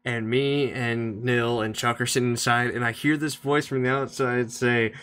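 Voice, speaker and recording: A man on a casual podcast chat, recounting a trip in a relaxed, profane way. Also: mid-range voice, moderate pace, smooth. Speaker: podcast co-host.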